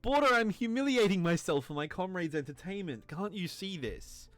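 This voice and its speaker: A man's voice: high voice, animated, moderate pace, a bit bright, no echo, faint music behind. A tipsy man streaming a game, rambling, self-mocking and crude as he talks to his chat. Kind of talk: drunken game commentary.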